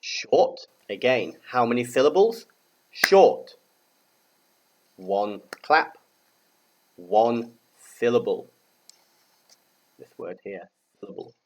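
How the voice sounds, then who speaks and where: A man from the UK teaching a grammar lesson to young learners, speaking slowly and repeating words for them to echo. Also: mid-range voice, lively intonation, lo-fi sound. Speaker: English teacher.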